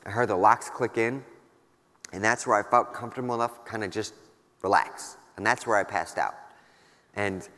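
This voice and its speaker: A man in his thirties gives a keynote in a large conference hall, where long hall reverb colors the sound. Recounting a personal war story candidly, casually and wryly with many fillers, he uses a lowish, steady, bright and forceful voice at a moderate pace, pausing often.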